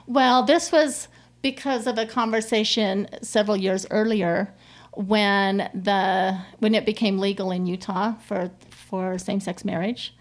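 A middle-aged woman telling a personal story as an interview guest, in a heartfelt, halting way with many restarts. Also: medium pitch, steady tone. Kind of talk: conversational interview.

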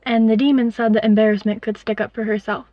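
A woman's voice: a little high, steady tone, fast talker, no room sound, highs cut off. A woman telling a first-person story in a wry, rambling, conversational way. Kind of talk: first-person fiction narration.

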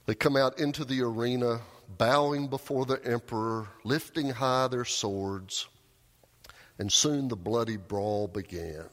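Preaching man in a reverberant church. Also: a little slow. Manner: storytelling, shouts quoted cries, drops low for emphasis. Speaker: pastor. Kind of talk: sermon. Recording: long hall reverb.

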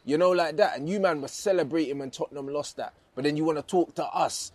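A man's voice: fairly high pitch, fast, darkish tone, dry recording. A man with a slightly raised voice, talking casual football banter. He is scornful and taunting, with a lot of swearing and slang. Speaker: podcast co-host.

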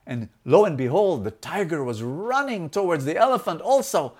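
A man giving a motivational talk with a fairly high, very lively voice. He shifts between loud, emphatic lines and soft, hushed ones. He stretches out key words as he tells a story. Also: normal speed. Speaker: motivational speaker.

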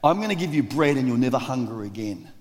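A man preaching a sermon, lively and acting out the voices of the crowd. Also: mid-range voice, quick pace. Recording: long reverb of a large hall.

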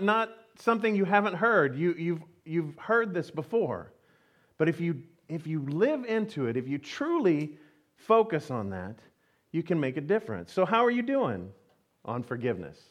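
Brief: male pastor, high-pitched, animated self-mocking storyteller, sermon delivery. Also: moderate pace. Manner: animated storytelling, acts out his own voice in quotes; self-mocking, laughs often.

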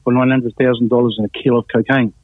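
A man's voice: mid-range voice, little pitch movement, fast talker, slightly rough, no echo. A man giving a blunt, matter-of-fact account of his life as an interview guest. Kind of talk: personal testimony in an interview. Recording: tinny phone-like sound, dry.

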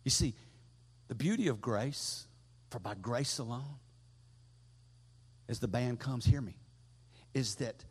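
A middle-aged man preaching a sermon as pastor, swelling loud and high, then dropping low. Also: slow pace, pauses often, husky. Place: church sanctuary. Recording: long echo from a big hall.

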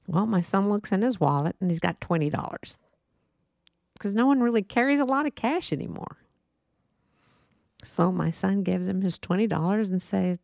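A woman's voice: mid-range voice, animated, normal speed, gravelly, a little mellow, dry recording, clean studio sound. A middle-aged woman from Texas, telling a heartfelt story in a monologue and acting out the voices of the people in it. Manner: earnest, storytelling, acts out quoted voices. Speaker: podcast host.

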